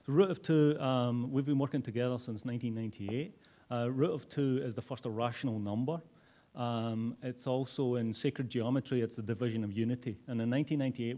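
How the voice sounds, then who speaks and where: Scottish man giving a halting talk. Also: mid-range voice, fairly even intonation, mellow. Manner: frequent "uh" fillers, halting. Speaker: guest speaker, design professor. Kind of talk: conference talk.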